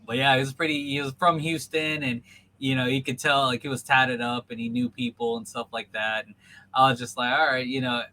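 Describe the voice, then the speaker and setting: A man's voice: medium pitch, level tone, brisk, bright, forceful tone, low-quality recording. A man hosting a podcast over a video call, telling a story in a rambling way full of ums and likes. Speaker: podcast host. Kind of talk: casual storytelling chat.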